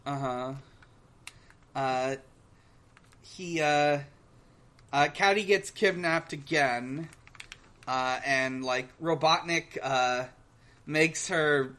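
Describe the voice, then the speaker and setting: A man co-hosting a podcast in casual chat, recapping a cartoon in a hesitant, halting way full of pauses. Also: a little high, sharp tone. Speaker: podcast co-host.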